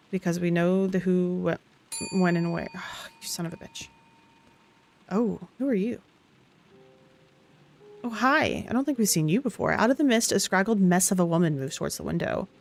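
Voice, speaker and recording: A woman's voice: lowish voice, vocal fry. Woman streamer reading game text. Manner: reads in an even tone, with small asides and restarts. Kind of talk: reading game text aloud while playing.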